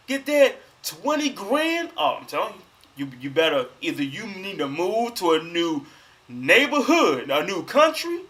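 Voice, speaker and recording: A man's voice: a little high, fairly bright tone. A young adult man hosting a live reaction stream, talking back at the screen in casual slang. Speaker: livestream host.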